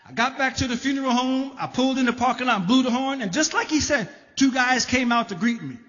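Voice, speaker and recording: Animated New man telling a story on stage. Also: very high-pitched, fast talker. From the Bronx, New York. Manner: animated, shouting in quotes, laughing through lines. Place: theater stage. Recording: live stage, long hall reverb, dull sound.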